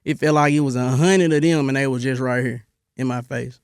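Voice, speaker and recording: A young man from Memphis, telling his army stories in a relaxed interview, with a lot of "bro" and many restarts. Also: mid-range voice, fairly quick, clean tone, no echo, clean studio sound. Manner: laid-back storytelling, lots of "bro" and restarts. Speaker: interview guest, army veteran. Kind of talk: casual interview.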